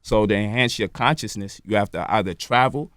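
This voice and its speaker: A man's voice: fairly low pitch, a little fast, a bit bright, smooth, dry recording, clean studio sound. A man, a radio show guest, explaining at length in a lecturing way and checking in with "right?" and "you feel me?". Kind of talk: lecturing interview talk. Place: radio studio.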